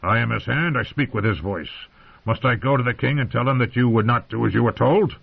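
A man voicing a weathered older male smuggler lord who talks low, plain and firm. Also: a little fast, gravelly. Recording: tinny phone-like sound.

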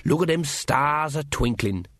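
A man's voice: fairly high pitch, animated, unhurried, fairly bright tone, no room sound, clean studio sound. A man voicing a boozy, gossipy country villager who drawls his words. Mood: drawling.

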